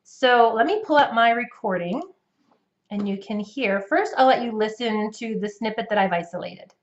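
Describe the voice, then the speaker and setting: A woman with a North American English accent, explaining accent practice clearly and patiently to the camera as a coach. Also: on the high side, moderate pace, dull audio.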